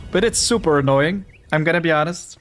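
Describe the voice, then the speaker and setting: A man's voice: a little high, fairly quick, a bit bright, soft background music. A young man with a Flemish accent, Dutch-speaking, chatting casually and self-deprecatingly with his viewers while playing a game. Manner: rambling, self-deprecating, talks to chat. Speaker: streamer. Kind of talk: casual livestream chat over gameplay.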